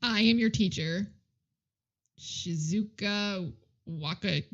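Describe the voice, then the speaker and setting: A woman voicing a calm, prim female teacher who speaks softly and slowly to her class. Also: medium pitch, highs cut off.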